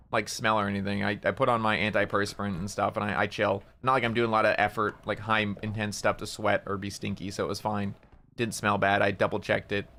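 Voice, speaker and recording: A man's voice: on the low side, sharp tone. A man streaming a game and telling a rambling story, stumbling over and repeating words and swearing casually. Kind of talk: casual storytelling while gaming.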